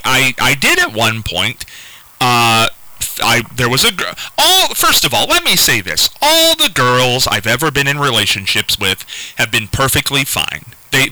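A man hosting a call-in radio show, talking unscripted and halting, often repeating words and restarting. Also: a little high, bright, forceful tone, no echo, poor audio. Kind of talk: casual unscripted call-in talk.

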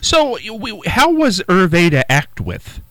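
Guy hosting a talk show, bouncy pitch, kinda hesitant, dry close sound. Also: huge pitch swings, unhurried, vocal fry, fairly bright tone, dry recording, rough recording. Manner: hesitant, prompting questions. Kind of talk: casual interview chat.

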